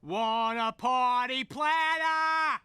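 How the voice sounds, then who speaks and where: A woman putting on the voice of a clumsy young man, delivering a line in a halting, exaggerated way. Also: high-pitched, pushed and bright, clear, resonant tone, no room sound, clean studio sound, heavily acted. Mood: insistent. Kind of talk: playful voice acting during a game stream.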